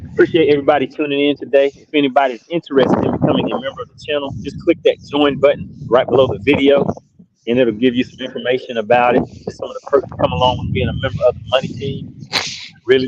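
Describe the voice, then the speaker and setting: A man hosts in an easy, upbeat way and laughs often. His voice sits at a middle pitch. The audio is dull and lo-fi, with a faint hiss of noise behind him. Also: flat delivery, quick pace, darkish tone. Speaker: host. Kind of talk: casual chat, channel shout-outs.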